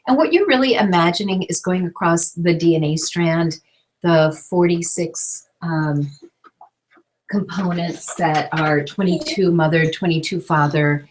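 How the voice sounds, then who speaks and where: A woman teaching a live online class over a call, chatty and gentle as she explains. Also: sits low. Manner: gentle, chatty, breaks off to soothe a baby. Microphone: call microphone.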